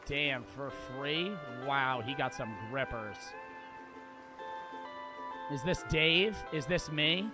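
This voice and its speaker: A young man streaming gameplay, crude and joking, cursing freely as he plays. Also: medium pitch. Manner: crude, joking, quick to curse and shout. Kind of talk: live gameplay commentary. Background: game music.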